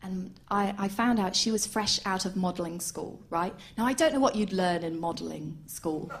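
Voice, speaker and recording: A woman doing stand-up comedy, chatty and animated, laughing along as she tells a story and puts on voices. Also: fairly low pitch, normal speed. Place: comedy stage before an audience.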